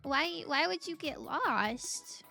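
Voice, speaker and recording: A woman's voice: high voice, lively intonation, slow, vocal fry, sharp tone. A woman streamer giving casual, chatty commentary on a game, laughing often and reading game text aloud. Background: game music.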